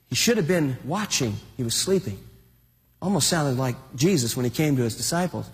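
A man preaching a sermon, telling a story with animated energy and urging his listeners to wake up. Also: mid-range voice, normal speed. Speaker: pastor. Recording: long hall reverb.

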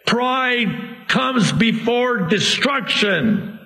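Slow, high-voiced male pastor preaching. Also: animated. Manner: emphatic, theatrical, swings between soft and loud. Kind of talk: sermon.

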